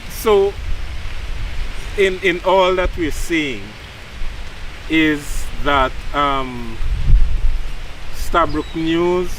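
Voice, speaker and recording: A man's voice: a little high, extremely slow, pauses often, fairly bright tone, slight background noise. Distant-sounding Guyanese male co-host. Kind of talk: casual political talk show.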